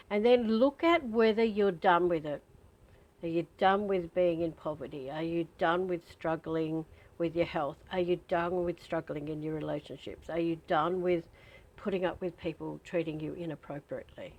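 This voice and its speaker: A woman's voice: on the low side, moderate pace, darkish tone, muffled recording. A woman leading a spiritual training session, telling personal stories and guiding listeners to breathe. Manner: candid, chatty storytelling with breathing prompts. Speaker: spiritual teacher. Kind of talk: guided spiritual training talk.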